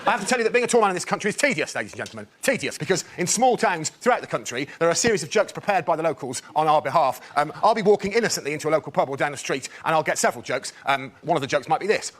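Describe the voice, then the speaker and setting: A man's voice: fairly high pitch, expressive, very fast, hardly any pauses, a bit bright. A man telling a mock-indignant, theatrical stand-up story as a comedy panellist. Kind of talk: stand-up routine on a panel show. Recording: noisy broadcast.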